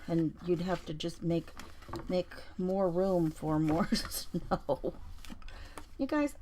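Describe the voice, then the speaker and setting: Chatty woman from Colorado, lower voice, host of a craft stream, slight hiss under the voice. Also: darkish tone. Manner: chatty, storytelling, greets viewers by name. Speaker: junk journal crafter on a livestream. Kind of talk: casual craft livestream chat.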